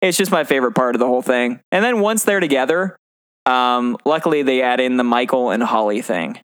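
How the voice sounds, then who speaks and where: A man in casual podcast chat, his voice smooth and resonant, recorded close and dry with no room sound. He talks animatedly and laughs often as he retells scenes he loves. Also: mid-range voice, brisk, no room sound. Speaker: podcast co-host.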